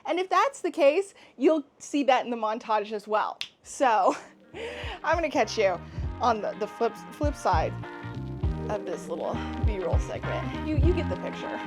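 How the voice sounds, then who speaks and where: Young woman rambling about books, high voice that swoops around a lot, giggly, bit of music behind. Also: sing-song, measured pace. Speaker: book vlogger. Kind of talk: casual vlog chat.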